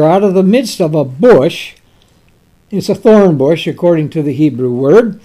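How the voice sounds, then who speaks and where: A man delivers a sermon at an unhurried, deliberate pace. His voice is soft and mellow. He speaks emphatically, pausing for effect and swinging between loud bursts and hushed asides. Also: on the high side, animated. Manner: reads scripture in King James wording. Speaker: preacher.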